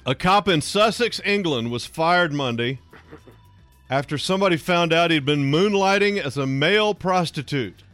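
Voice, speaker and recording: A man's voice: a little high, animated, normal speed, a bit bright, faint music behind. A man co-hosting a radio show, reading odd news stories and struggling not to giggle. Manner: giggly, reads stories with amused asides. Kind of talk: casual comedic chat.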